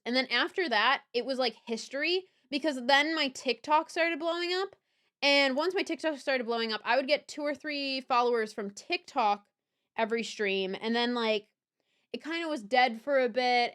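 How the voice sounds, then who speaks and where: Chatty young woman streamer, smooth voice. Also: on the high side, a bit bright. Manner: chatty, rambling, swears and laughs often. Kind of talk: casual livestream chat.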